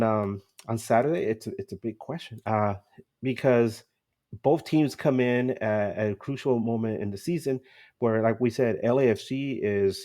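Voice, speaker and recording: A man's voice: mid-range voice, darkish tone. A man hosting a casual soccer podcast, chatty, with frequent fillers and easy laughs. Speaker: podcast host. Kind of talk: casual sports podcast talk.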